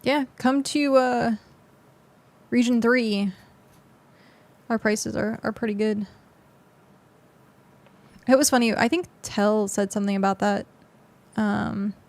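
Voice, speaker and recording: Chatty young woman streamer, gravelly edge. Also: medium pitch, a little mellow. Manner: chatty, rambling, lots of fillers. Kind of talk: casual gameplay commentary.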